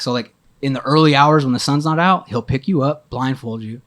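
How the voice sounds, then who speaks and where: A man telling a story as a podcast guest, animated and full of swearing. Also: mid-range voice, brisk. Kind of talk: casual storytelling.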